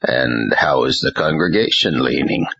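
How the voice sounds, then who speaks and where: A man voicing an older ousted male pastor who talks slowly, falteringly, and forcefully. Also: extremely low pitch, gravelly, slightly rough, muffled recording, pitched below the performer's own voice, full character voice. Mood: weary.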